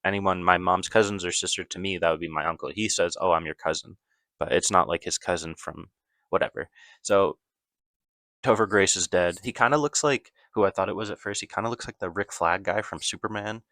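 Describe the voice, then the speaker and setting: A man's voice: low voice, fairly quick, a bit bright, no echo. A man casually recapping a movie plot, rambling loosely with lots of fillers and self-corrections.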